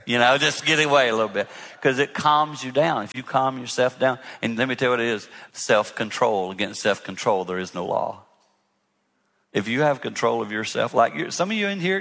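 Bright-voiced man preaching in an echoing hall. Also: mid-range voice, creaky. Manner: earnest, conversational preaching. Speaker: guest speaker on marriage. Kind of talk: sermon-style talk to a live audience. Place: large hall with an audience. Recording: echoey hall reverb.

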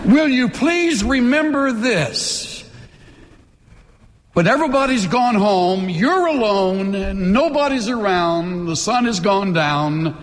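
Male pastor, emphatic sermon, animated high voice, church hall echo. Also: takes it slowly, a little hiss or hum. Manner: impassioned, emphatic, leads call-and-response. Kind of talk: sermon with altar call. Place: church sanctuary.

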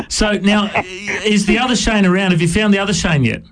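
Australian man, radio host, friendly, jokey, slightly high voice. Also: expressive, moderate pace, noisy background. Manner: friendly, jokey, laughs often. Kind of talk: casual radio interview.

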